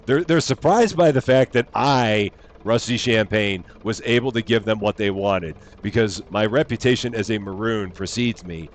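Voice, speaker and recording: A man's voice: fairly low pitch, moderate pace, a little hiss or hum. A man giving chatty, playful live commentary while streaming a game, reading its on-screen text aloud and joking along the way. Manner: chatty, playful, jokey asides.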